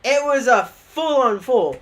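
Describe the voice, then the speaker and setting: A man's voice: very high-pitched, animated, takes it slowly, a bit bright. A young man with an Australian accent casually telling rambling stories on a livestream, swearing freely and laughing at himself.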